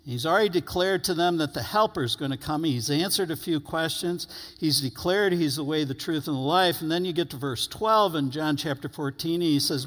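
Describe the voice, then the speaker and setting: A man preaching a sermon as pastor, earnest, stretching key words and letting phrases fall to quiet endings. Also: fairly high pitch, moderate pace. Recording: long hall reverb.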